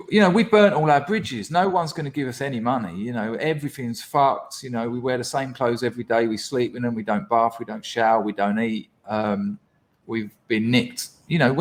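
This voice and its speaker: Blunt, sweary man telling his story. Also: medium pitch. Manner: blunt, sweary storytelling, acts out quoted voices. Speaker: podcast guest. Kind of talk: candid storytelling interview.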